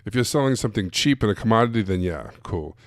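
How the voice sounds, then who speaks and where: Here's a fast-talking man with a low voice and lively intonation, teaching coaches on a live stream how to handle sales calls. Blunt and direct, he keeps throwing out rhetorical questions, recorded dry and close without room sound.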